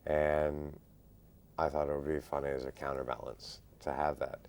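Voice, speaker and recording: A male actor answering interview questions in a measured, thoughtful way, pausing often. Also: extremely low pitch, little pitch movement, vocal fry, a little mellow, smooth. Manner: measured, thoughtful, frequent "uh" pauses.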